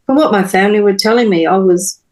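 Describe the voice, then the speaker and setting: A woman, a podcast guest telling her personal story in an earnest, halting way with many pauses and restarts. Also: medium pitch, darkish tone, rough recording.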